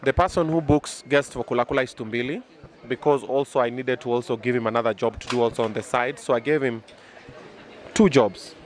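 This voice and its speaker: Recorded on a city street, a Kenyan media personality in roughly his thirties is interviewed casually, blending Kenyan-accented English with Swahili. His mid-range voice comes in quick bursts, full of lively swagger.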